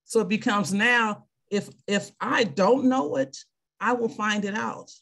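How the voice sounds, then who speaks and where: Slightly high and a little slow, her voice is gravelly yet fairly bright. On a video call, this veteran and clinic worker in her fifties reads from scripture and then talks earnestly about faith and service, rooted in personal experience.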